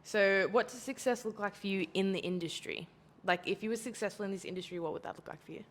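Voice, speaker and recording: A woman's voice: mid-range voice, fast talker, a little hiss or hum. A young Australian woman co-hosting a podcast in casual chat, rambling and giggly with many fillers. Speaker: podcast co-host.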